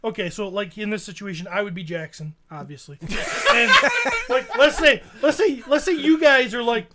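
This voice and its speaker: A man co-hosting a podcast in casual chat, telling an animated, profane story and laughing often. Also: high voice, moderate pace, very noisy. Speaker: podcast co-host.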